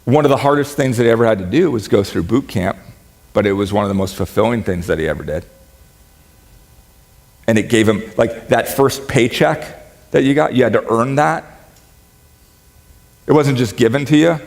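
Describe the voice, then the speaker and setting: A man preaching a sermon as pastor, in a conversational, joking way that turns animated when he quotes. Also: mid-range voice, normal speed, gravelly, pauses often. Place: church sanctuary. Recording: reverberant church hall.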